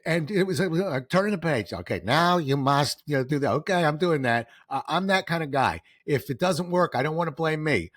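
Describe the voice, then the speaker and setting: A middle-aged man, guest on an interview, telling stories in a lively way, acting out quoted voices and getting emotional. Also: a little high, no echo, clean studio sound. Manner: animated, acts out quoted voices, gets emotional. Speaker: guest, author and speaker. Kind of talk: storytelling interview answers.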